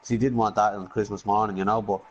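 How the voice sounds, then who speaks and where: A man's voice: on the low side, level tone, fast, muffled recording. A young man, telling a rowdy story in casual chat, swearing and often asking "you know what I mean".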